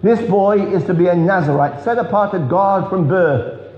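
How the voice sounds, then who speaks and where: Preaching with earnest conviction at a revival, a man weaves stories into his sermon, pausing for emphasis and lowering his pitch to stress key points. He's in a large church hall, and the audio is echoey and dull.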